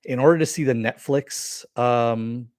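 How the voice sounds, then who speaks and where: A middle-aged man hosting a live-stream review, chatting casually and answering viewer comments with many fillers and pauses. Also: medium pitch, a little mellow, no room sound, studio quality. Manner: rambling, with frequent fillers and throat clearing.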